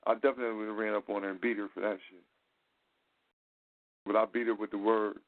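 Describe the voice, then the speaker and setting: A man hosting a casual talk show, telling a profane, animated street-slang story. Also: fairly low pitch, fast talker. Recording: tinny phone-like sound.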